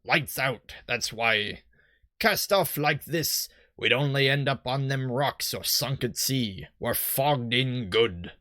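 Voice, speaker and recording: A man voicing a gruff, weathered male harbor captain in a rough pirate-style put-on voice, reading game dialogue aloud. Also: medium pitch, slow, pushed and bright, dry recording, clean studio sound.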